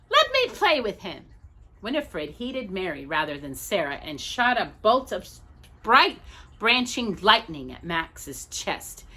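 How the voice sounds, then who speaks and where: A woman reading a storybook aloud as the storyteller, expressive and animated. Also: on the low side.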